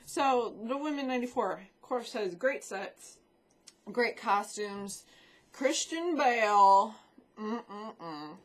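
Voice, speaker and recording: A woman's voice: on the high side, lively intonation, takes it slowly. A woman vlogging in a casual, rambling chat about films and shows she watched, swearing freely as she talks into a desk microphone.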